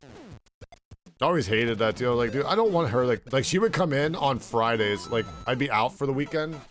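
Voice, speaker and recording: A man's voice: mid-range voice, animated, fairly quick, fairly bright tone, faint music behind. A young man streaming a game and chatting casually, rambling through a story full of "like" and swearing freely. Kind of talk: casual chat while gaming.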